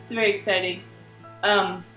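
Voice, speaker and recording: A woman's voice: medium pitch, normal speed, far from the mic. A young woman telling a funny everyday story in a chatty vlog, acting out what others said. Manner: chatty, animated, acts out the voices of others. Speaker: vlogger. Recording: echoey room with faint music.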